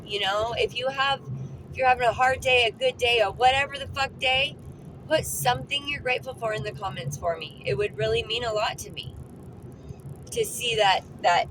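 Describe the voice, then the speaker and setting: Earnest woman vlogging from her car. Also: on the high side. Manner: heartfelt, earnest, repeats words for emphasis. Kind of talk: personal reflective vlog. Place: in a car, driving. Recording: phone recording with clear car noise. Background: car and road noise.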